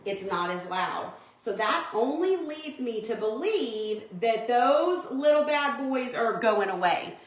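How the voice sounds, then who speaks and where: A woman's voice: a little high, animated, slow pace, hardly any pauses. A woman hosting a live crafting stream, chatting casually with viewers in a rambling way with lots of asides. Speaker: craft livestream host. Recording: echoey room.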